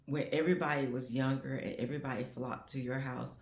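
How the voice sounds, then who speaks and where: A grandmother in her fifties chats casually to camera, rambling and reflecting on how times have changed, full of "you know what I'm saying" asides. Her voice is rumbling low and a little mellow, with fairly even intonation at a quick pace.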